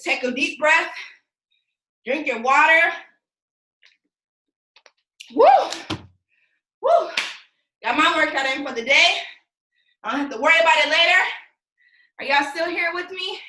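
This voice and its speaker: Woman, fitness instructor, breathless, very bright and high, counting reps, roomy sound from away from the mic. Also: recorded from a distance. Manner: energetic, counts reps aloud, cheers the viewers on. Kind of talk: live-streamed workout coaching.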